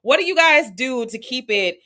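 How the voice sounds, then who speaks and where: A woman's voice: sits high, animated, moderate pace, pushed and bright. A woman hosting a podcast interview, earnest and reflective, repeating herself as she thinks. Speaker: podcast host. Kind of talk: interview conversation.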